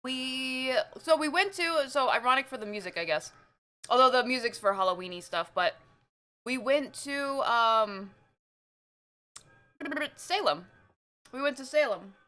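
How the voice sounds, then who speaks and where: A woman streaming live, chatting casually with viewers and reading their messages, excitable and laughing often while she eats. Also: sits high, unhurried, pauses often.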